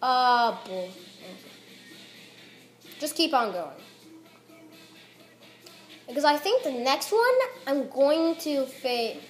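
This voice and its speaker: A woman giving gameplay commentary in a high voice that jumps around wildly, yelling at her teammate and reacting to every hit. She is excitable and quick to trash-talk. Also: soft background music. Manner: excitable, exclaiming and trash-talking the game. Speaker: gaming commentator.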